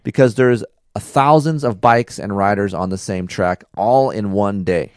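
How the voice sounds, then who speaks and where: Profane, rambling low-voiced man. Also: unhurried, no echo, studio quality. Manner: rambling, profane, animated storytelling. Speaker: podcast co-host. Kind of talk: casual chat.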